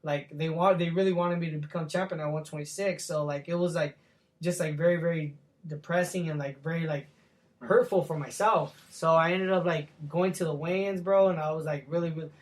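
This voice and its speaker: A young man speaks in a fairly high voice, a professional boxer recounting his fights in a relaxed interview. His talk is loose and slangy, packed with fillers and casual swearing. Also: brisk.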